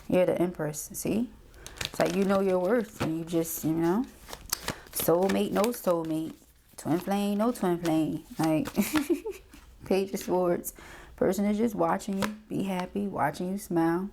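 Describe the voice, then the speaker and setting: A woman's voice: fairly low pitch, a little slow, vocal fry, noisy background. A woman doing a casual tarot reading, chatty and slangy, often checking in with "okay?". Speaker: tarot reader.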